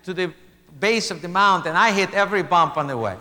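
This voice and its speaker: A middle-aged man from Russia, telling a self-mocking stand-up story with loud gasping laugh bits. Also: sits high, fairly quick. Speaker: stand-up comedian. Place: live comedy venue. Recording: reverberant live hall with crowd noise. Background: audience laughter and room ambience.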